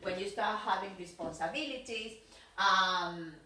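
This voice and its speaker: This is an English lesson on video, led by a woman whose Argentine Spanish accent comes through as she alternates languages to fix students' pronunciation. She speaks at a measured pace in a mid-range, pushed, bright voice, captured from afar in a roomy space.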